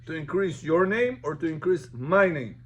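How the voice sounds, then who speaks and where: A man's voice: fairly high pitch, expressive, normal speed, fairly bright tone, a little hiss or hum. A man, a rabbi, teaching a Talmud lesson informally, telling the story and mixing Hebrew terms into plain English.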